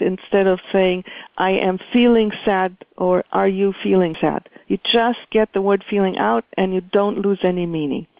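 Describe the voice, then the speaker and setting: A woman leading a communication workshop, speaking in a measured, deliberate way with many pauses. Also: mid-range voice, dry recording. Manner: measured, deliberate, pausing often. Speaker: workshop facilitator. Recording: dry, phone-like line.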